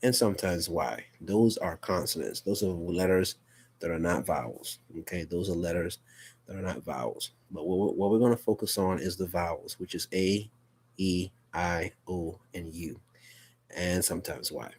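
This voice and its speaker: A man with a very deep voice walks through a casual live phonics lesson. He is patient and repetitive, often pausing to check in with his students. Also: darkish tone, slightly rough. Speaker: teacher.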